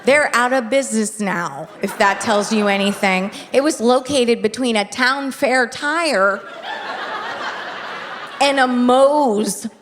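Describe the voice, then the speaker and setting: A woman in her fifties doing stand-up comedy, telling stories in a wry, deadpan way and acting out big voices for the people she quotes. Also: fairly high pitch, slow pace, slight background noise. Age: 50s. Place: theater stage before a live audience. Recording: live hall with audience laughter.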